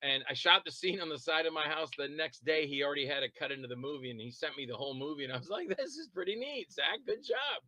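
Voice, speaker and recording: A man chatting as an interview guest, telling long rambling stories about making films, quick to laugh and to act out what others said. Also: medium pitch, fairly even intonation, sharp tone, dry recording, low-quality recording. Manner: rambling anecdotal storytelling. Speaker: interview guest, independent filmmaker and actor. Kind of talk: casual interview chat.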